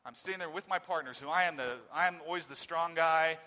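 A man in his forties giving a personal testimony. He swings between loud emphasis and very quiet, halting speech. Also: fairly high pitch, big-room sound, background noise. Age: 40s.

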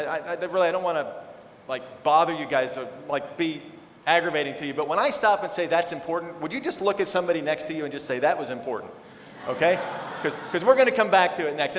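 A man teaching from the Bible to a congregation in a relaxed, conversational way, with self-deprecating asides between readings. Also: fairly high pitch, a little hiss or hum. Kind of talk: sermon with scripture reading. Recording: echoey hall, faint ambience.

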